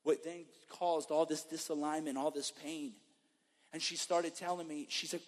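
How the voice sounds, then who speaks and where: A man preaching as a guest pastor, moving from emphatic sermon to an animated testimony story. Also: fairly high pitch, moderate pace. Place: church sanctuary. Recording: long reverb of a church hall.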